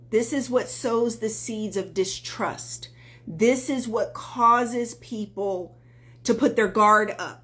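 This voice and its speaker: Earnest, high-voiced woman dating coach. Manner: earnest, emphatic, greets viewers by name. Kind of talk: live-stream coaching talk.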